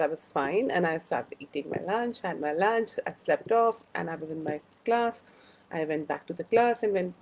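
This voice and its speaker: A woman's voice: fairly low pitch, gravelly, darkish tone, rough recording. A woman hosting a casual live-stream chat, rambling through personal stories and greeting viewers by name. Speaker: host of a live wellbeing chat.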